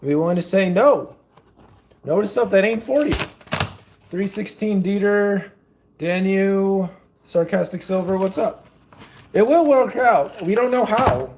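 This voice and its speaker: A man's voice: sits high, animated, unhurried, long pauses, background noise. A young man chatting casually in a rambling vlog while he fixes food in his kitchen, filming on a phone held in one hand. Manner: loose, rambling, talks while fixing food. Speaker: faith vlogger. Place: home kitchen.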